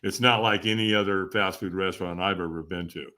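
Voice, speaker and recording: Lively laughing man telling a story. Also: low voice, a little fast. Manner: animated, laughs often, acts out quoted voices. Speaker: podcast guest. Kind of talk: casual storytelling interview.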